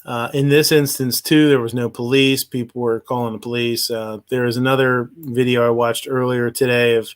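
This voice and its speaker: Male stream host, middle pitch, loose and rambling, full of fillers. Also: flat delivery, moderate pace, hardly any pauses, smooth. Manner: rambling, hesitant, many fillers and restarts. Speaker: livestream host. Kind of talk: casual commentary on news.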